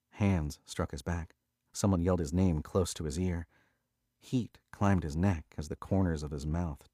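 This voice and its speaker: A man narrating a thriller audiobook in a steady, measured way on a close studio mic. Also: extremely low pitch, no echo.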